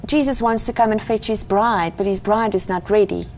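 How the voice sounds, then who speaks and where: A woman's voice: mid-range voice, normal speed, darkish tone, slight background noise. A middle-aged woman from Africa, earnestly telling her personal faith story as an interview guest. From South Africa. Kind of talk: personal testimony in conversation.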